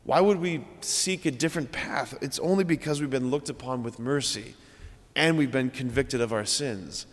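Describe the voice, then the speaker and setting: A man's voice: mid-range voice, moderate pace. A man preaching a homily as a priest, earnest and emphatic, using repeated phrases for weight. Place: large church. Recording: long church reverb.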